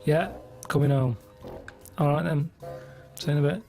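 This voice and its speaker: Guy on the radio, deadpan and matter of fact, a bit high, music underneath. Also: normal speed. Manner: deadpan, flat storytelling. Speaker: radio show regular. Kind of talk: casual chat. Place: radio studio.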